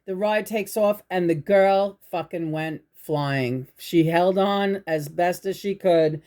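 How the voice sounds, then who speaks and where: A woman hosting her own channel, telling a spiritual story in a rambling, halting way, restarting her sentences and swearing. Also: fairly low pitch, dark tone. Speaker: channel host. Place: indoors at home.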